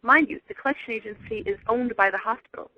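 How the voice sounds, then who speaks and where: A woman's voice: on the high side, quick pace. A woman co-hosting a radio show, telling an indignant account of a billing dispute in casual chat. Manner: indignant, telling a grievance step by step. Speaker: co-host. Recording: dull lo-fi line.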